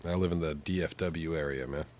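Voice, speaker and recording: With a bass voice that's steady, darkish and brisk, a flu-stricken man streams and chats casually as he games, joking and rambling through a stuffy, nasal nose. There's a slight background noise.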